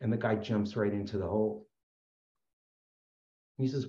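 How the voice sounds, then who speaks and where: A man with a lowish voice shares his story at a support meeting, talking in an earnest, rambling way full of fillers and restarts. The sound is dull and lo-fi, and it echoes in a roomy space. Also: steady tone, moderate pace, long pauses, warm tone. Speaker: speaker sharing at a recovery meeting.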